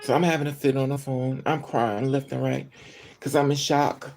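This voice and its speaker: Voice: medium pitch, flat delivery, moderate pace, vocal fry, a little mellow. An upset vlogger talks straight to the camera in an angry, profane monologue. The speech is full of ums and restarts, and the speaker has been crying all day. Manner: angry, profane venting with frequent fillers.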